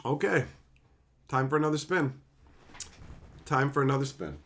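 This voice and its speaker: Man, streamer, sarcastic, profane, bright tone, casual chat. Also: medium pitch, measured pace. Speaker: streamer opening card packs.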